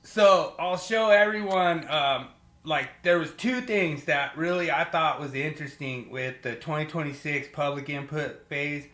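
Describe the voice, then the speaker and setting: Man host, bright forceful voice, animated and laughing, echoey room. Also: fairly high pitch, measured pace. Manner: animated and laughing, field-experience storytelling. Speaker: podcast host. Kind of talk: casual podcast discussion.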